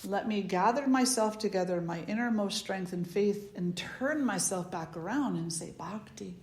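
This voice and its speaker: A woman spiritual teacher giving a slow, meditative talk, repeating phrases for emphasis. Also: medium pitch, expressive, darkish tone, roomy sound.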